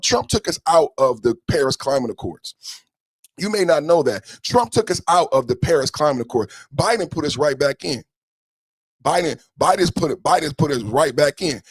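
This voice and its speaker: A man hosting a podcast, giving heated, profane political commentary and often shouting. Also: on the high side, dry recording. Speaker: podcast host.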